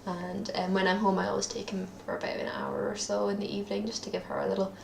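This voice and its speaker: Young Scottish woman vlogging at home: gravelly, rambling, echoey room. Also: medium pitch, little pitch movement, fast talker, slight background noise. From Scotland. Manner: rambling and self-deprecating, many ums. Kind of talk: casual daily video diary. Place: at her parents' home, indoors.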